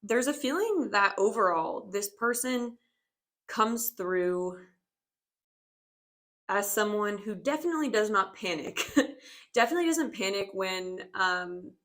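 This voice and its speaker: A woman's voice: medium pitch, animated, measured pace, long pauses, a bit bright. Rambling young woman giving a tarot reading. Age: 20s. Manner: rambling, reflective, many fillers and hedges. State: slightly out of breath. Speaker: tarot reader. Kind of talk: casual spoken tarot reading.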